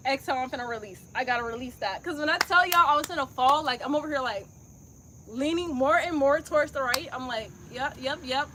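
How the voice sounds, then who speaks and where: Upbeat woman yoga instructor with a high, bright voice, chatty and encouraging, on a phone outdoors with faint crickets. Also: fast talker, background noise. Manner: chatty, encouraging, talks through her own effort. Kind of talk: live-streamed yoga class instruction.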